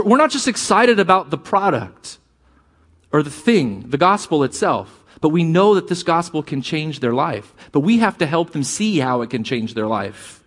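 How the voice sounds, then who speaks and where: Pastor guy preaching, kinda high voice, jokey, gets loud acting out quotes. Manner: animated, jokey, acts out quoted lines in a raised voice. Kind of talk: sermon.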